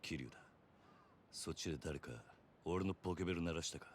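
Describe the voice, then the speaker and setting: A man voicing a stoic, gruff yakuza, clipped and curt, in a video game cutscene. His voice sits extremely low, and his words come out in quick, short bursts. A faint hiss of noise runs under the game audio. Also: lightly acted. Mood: terse. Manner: terse, curt. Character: stoic gruff male yakuza, young adult.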